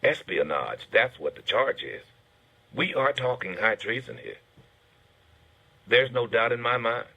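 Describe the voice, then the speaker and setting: A man's voice: medium pitch, animated, measured pace, gravelly, long pauses, sharp tone. A man hosting a radio talk show who gives indignant political commentary and calls his listeners folks.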